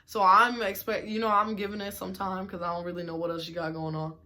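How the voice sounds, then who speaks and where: A woman's voice: medium pitch, level tone, fast talker, pushed and bright. A young woman telling a storytime in a casual, slangy and sarcastic way, sounding exasperated. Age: young adult.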